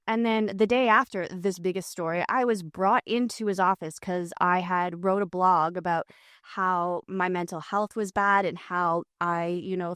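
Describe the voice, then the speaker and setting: A woman's voice: mid-range voice, fairly bright tone, clear, resonant tone, no echo, clean studio sound. A woman with a French accent, a podcast co-host and former radio host, telling long candid stories in casual chat. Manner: candid storytelling, long rants.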